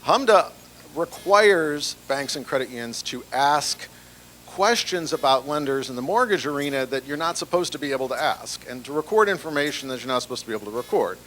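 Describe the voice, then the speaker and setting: A man's voice: mid-range voice, expressive, brisk, a bit bright, a little hiss or hum. A man giving a conference presentation on banking compliance in a chatty, conversational way, with fillers and restarts. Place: large breakfast event room.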